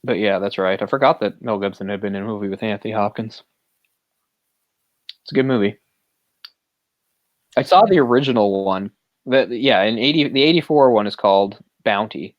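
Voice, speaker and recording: Low-voiced man, rambling podcast chat. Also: normal speed, long pauses, no echo, highs cut off. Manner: rambling, opinionated, chuckles often. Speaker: podcast co-host. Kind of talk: casual movie discussion.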